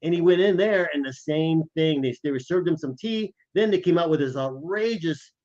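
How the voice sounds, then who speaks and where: A man on a podcast tells an animated travel story, acting out the people in it. His voice sits a little high, and the recording sounds somewhat dull and lo-fi. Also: moderate pace. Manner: animated, acts out the quoted lines. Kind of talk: casual storytelling chat.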